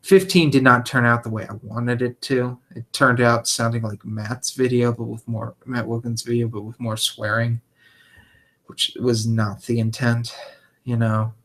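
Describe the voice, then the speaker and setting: A young man chats loosely to viewers on his live stream. His voice sits at a middling pitch, and he wanders between thoughts with plenty of filler words and the occasional swear. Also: flat delivery, measured pace, a bit bright. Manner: rambling, casual, swears freely, frequent ums. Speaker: channel host. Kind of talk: rambling live stream chat.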